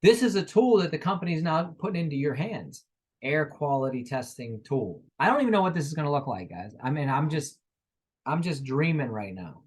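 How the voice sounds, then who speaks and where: A man in his thirties giving a motivational sales training talk, energetic and acting out sales dialogues. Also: medium pitch.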